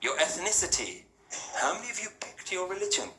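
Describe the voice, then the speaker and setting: A man's voice: high-pitched, very animated, brisk, bright, forceful tone, a little hiss or hum. Chatty man addressing a hall. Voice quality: conversational, rhetorical, frequent "yeah?" and "right?" check-ins. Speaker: spiritual speaker addressing an audience. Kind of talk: interactive talk to a live audience. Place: hall with an audience. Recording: echoey hall with faint ambience.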